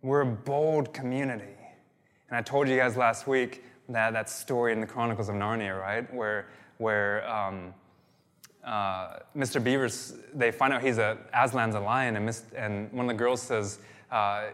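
A man preaching a sermon as pastor, energetic, with many restarts and fillers. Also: medium pitch, normal speed, in a large hall. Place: church hall.

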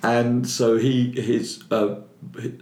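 A man's voice: mid-range voice, takes it slowly. An older man from London with a Cockney accent, a filmmaker telling stories as an interview guest. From London, England. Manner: animated storyteller, repeats words when starting. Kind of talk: casual interview chat. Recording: roomy echo.

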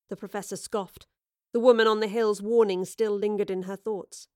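A woman narrating an audiobook drama in a measured storytelling manner. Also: mid-range voice, fairly even intonation, a little mellow, no room sound, studio quality.

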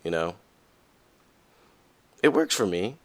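A man hosting a podcast, talking candidly and casually to listeners, with frequent fillers and restarts, and his voice jumps up high when he stresses a point. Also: slow. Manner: lively, pitch jumps high for emphasis. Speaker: podcast host. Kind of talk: casual motivational monologue.

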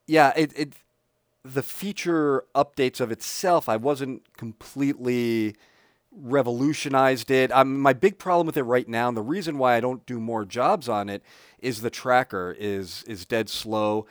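A man's voice: mid-range voice, unhurried, dry recording. Frank man, dry close sound. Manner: frank, hesitant, restarts his sentences. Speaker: colorist and trainer. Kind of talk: casual podcast discussion.

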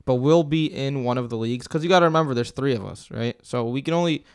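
A young man co-hosting a fantasy football podcast in a relaxed, chatty way. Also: medium pitch, fast, smooth, dry recording, studio quality. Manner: relaxed, chatty, reads out promo codes. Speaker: podcast co-host. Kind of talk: casual podcast chat.

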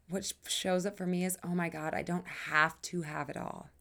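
This is a woman hosting her podcast, her pitch fairly low and her speed normal. It's a personal monologue, delivered earnestly and with emphasis, phrases stretched long, punctuated by sighs and casual swearing.

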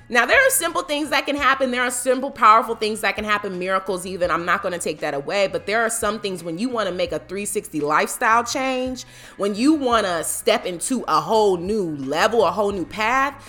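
A woman's voice: medium pitch, bright, forceful tone. A woman giving a casual motivational talk about faith, emphatic and preachy, acting out the voices she quotes. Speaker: motivational speaker.

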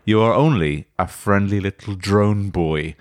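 A man's voice: lowish voice, unhurried, dry recording, studio quality. A man narrating a comedy tabletop game as game master, playful and laughing often.

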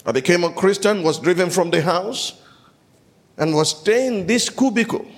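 A man preaching a sermon and telling stories, rising now and then to loud shouted peaks. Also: sits high, lively intonation, normal speed, in a large hall. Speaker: pastor.

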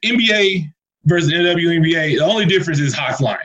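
A man's voice: on the high side, lively intonation, fast, fairly bright tone, dull audio. A man co-hosting a podcast, recapping a movie in loose, laughing casual chat full of fillers and slang. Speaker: podcast co-host.

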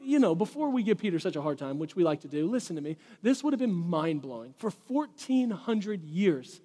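A man preaching a sermon as pastor, animated and conversational, with quick asides to the congregation. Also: high voice, in a large hall. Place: church sanctuary.

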